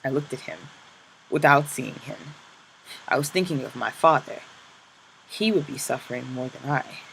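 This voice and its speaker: A man reading a first-person memoir aloud in a slow, somber, hushed way. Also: mid-range voice, creaky, slight background noise, poor audio. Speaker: audiobook reader.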